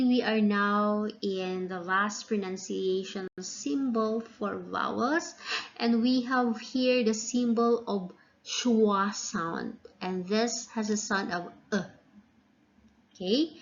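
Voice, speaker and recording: A woman teaching a phonics lesson, drawing out each example word slowly and carefully. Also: medium pitch. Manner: slow and deliberate, drawing out example words. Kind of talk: slow classroom phonics lesson. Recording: dull lo-fi recording.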